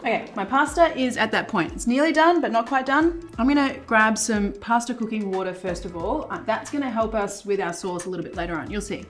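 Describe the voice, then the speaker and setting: A woman's voice: on the high side, a little fast, hardly any pauses, soft background music. A woman hosting a cooking show, chatting casually through a recipe as she cooks in a kitchen. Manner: chatty, relaxed, with fillers. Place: home kitchen.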